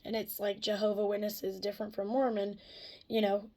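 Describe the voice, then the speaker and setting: A woman's voice: medium pitch, flat delivery, brisk, warm tone. A woman vlogger in a casual confessional talk, candid and rambling, swearing freely and laughing between thoughts.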